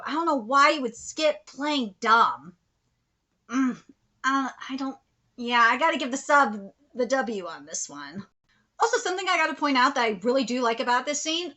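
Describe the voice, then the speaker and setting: A high-pitched woman with a bright, sharp-edged voice gives casual live reaction commentary. She swings from muttered asides to loud exclaiming, swears freely and laughs often. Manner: frank and profane, laughs often. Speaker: anime reaction streamer.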